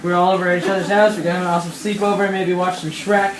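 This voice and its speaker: A man's voice: sits high, little pitch movement, racing. A young man in his late teens telling a rambling, jokey tall tale in a camp cabin, full of fillers. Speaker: storyteller. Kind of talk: rambling comic storytime. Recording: echoey room with background noise.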